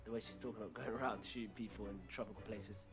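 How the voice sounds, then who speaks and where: A low-voiced man reacts to a video as a streamer, trading in quick, slangy mockery. He talks fast, and music plays behind his voice throughout. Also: fairly even intonation. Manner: mocking, slangy asides. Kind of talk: casual reaction commentary. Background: background music.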